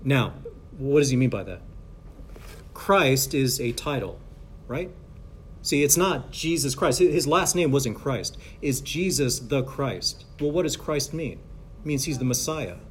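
A man's voice: mid-range voice, expressive, unhurried, a little hiss or hum. A man delivers a sermon with a mid-range voice, talking in a loose, conversational way full of fillers and restarts. He builds to emphatic points as he teaches. A faint ambience hangs behind him. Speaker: pastor or Bible teacher.

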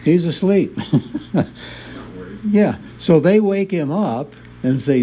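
A man's voice: fairly high pitch, lively intonation, takes it slowly, long pauses, dark tone, slight background noise, rough recording. Chuckling man teaching a Bible class. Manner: chuckles often while explaining. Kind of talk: classroom lecture.

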